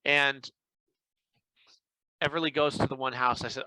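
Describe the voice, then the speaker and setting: Chatty male podcast host, expressive and bright, close dry recording. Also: mid-range voice, measured pace, pauses often, clear, resonant tone, no room sound, rough recording. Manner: animated anecdote-telling with acted-out quotes. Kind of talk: casual chat, storytelling.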